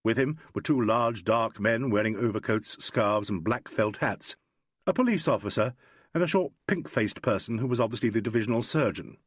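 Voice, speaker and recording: A man reads scripted audiobook narration with steady pacing and expressive storytelling. The lowish voice comes through a clean studio recording with no room sound.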